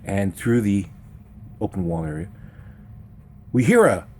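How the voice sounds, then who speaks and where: A man telling a funny true story in a rambling, animated way, breaking into sudden high meows and sound effects. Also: a little slow, a little hiss or hum. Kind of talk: comedic personal storytelling.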